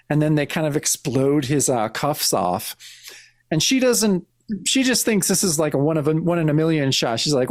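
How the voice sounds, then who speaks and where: Podcast cohost talking through a comic page by page, mid pitch, dead dry close sound. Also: animated, normal speed, no room sound. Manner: narrates panels, many restarts and fillers. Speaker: podcast co-host. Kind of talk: casual chat walking through a comic.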